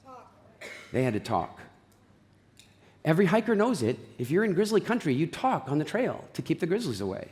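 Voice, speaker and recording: A man giving an animated, jokey talk on stage, telling stories with voiced asides. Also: on the high side, a little fast, long pauses. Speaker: speaker. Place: large event hall. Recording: reverberant hall.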